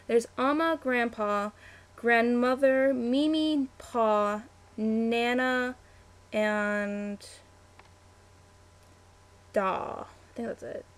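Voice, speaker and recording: A woman's voice: fairly high pitch, creaky, a little hiss or hum. A chatty young woman, answering a word-list meme on webcam, easily distracted and full of "like" and "um". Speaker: vlogger.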